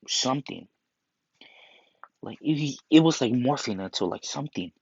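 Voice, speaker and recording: A man's voice: medium pitch, a little mellow, no room sound. A man retelling a story in a rambling, casual way, full of restarts and fillers, on a muffled, dry recording.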